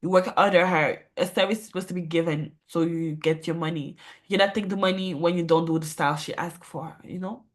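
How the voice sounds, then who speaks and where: A woman sits and reacts to a clip, voice pitched on the low side. She talks earnestly and tags her points with "right?" and "you know?" asides. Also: fairly even intonation, brisk. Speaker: commentator host. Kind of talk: casual commentary on a clip.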